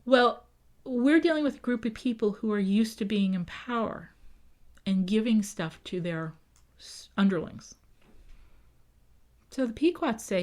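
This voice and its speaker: A woman's voice: a little high, unhurried, pauses often. A woman who works as a town historian, telling history in a casual podcast interview and often checking in with "right?". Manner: lively, acts out quoted voices, often adds "right?".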